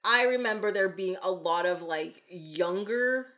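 A woman co-hosting a casual movie podcast, talking in an animated way, laughing often and acting out quotes. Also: lowish voice, a little slow. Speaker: podcast co-host. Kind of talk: casual chat about movies.

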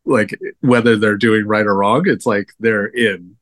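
A man's voice: on the low side, fairly even intonation, unhurried, a bit bright. A man joining a casual film podcast as a guest, talking in a loose, rambling way with many fillers.

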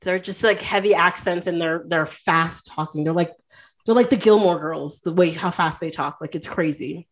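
A woman's voice: fairly low pitch, normal speed. A woman in casual podcast chat about films, bubbly and giggly, with many "like" fillers.

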